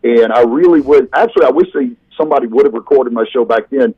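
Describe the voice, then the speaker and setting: A comedian guest on a video call, telling rambling, self-deprecating stories in casual chat. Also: male voice, mid-range voice, fast, husky, dry recording, lo-fi sound.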